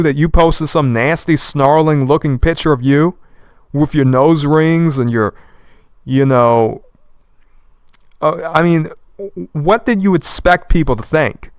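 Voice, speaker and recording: A man's voice: a little high, clear, resonant tone, dry recording. A man giving outspoken online commentary, indignant and scolding, repeating phrases for emphasis. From United States.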